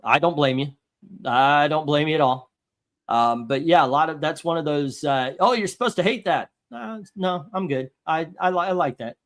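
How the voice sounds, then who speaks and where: A man's voice: on the high side, normal speed, fairly bright tone. Rambling, cursing male host. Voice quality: rambling, profane, with restarts. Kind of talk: casual chat.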